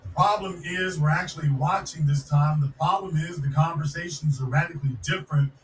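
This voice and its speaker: Fired-up high-voiced man in echoey room. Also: fairly quick, far from the mic, a little hiss or hum. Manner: fiery, sarcastic, repeats points for emphasis. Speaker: podcast host. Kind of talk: political commentary monologue.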